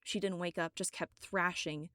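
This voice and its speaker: A woman reading her own story aloud as audiobook narration, steady and dramatic. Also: lowish voice, normal speed, no echo, studio quality.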